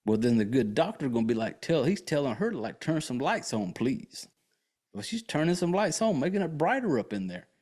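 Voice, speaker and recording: A man's voice: fairly high pitch, very animated, fast, hardly any pauses, a little mellow. A man hosting a podcast, recapping a film in a casual, profane, joking way with lots of fillers. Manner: rambling, crude and joking, with many fillers. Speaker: podcast host.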